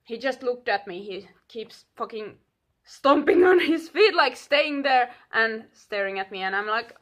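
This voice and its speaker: A young woman telling a story casually, animated and swearing, acting out what people said. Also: on the high side, measured pace. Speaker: vlogger.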